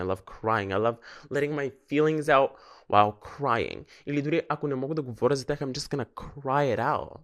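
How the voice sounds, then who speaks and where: A man's voice: mid-range voice, a bit bright. Profane young man. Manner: candid, profane, switching between English and Bulgarian. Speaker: podcast host. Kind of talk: casual solo confessional chat.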